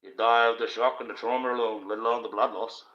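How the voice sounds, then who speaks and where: An Australian livestream host delivers a coarse, rambling monologue, swearing often and repeating himself. His medium-pitched voice is steady in tone, quick, pushed and bright, heard through dull lo-fi stream audio.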